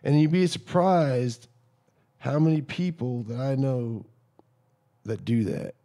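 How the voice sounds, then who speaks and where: Gravelly middle-aged man telling stories. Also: mid-range voice, slow pace. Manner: animated storyteller acting out quoted dialogue. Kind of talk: casual podcast chat.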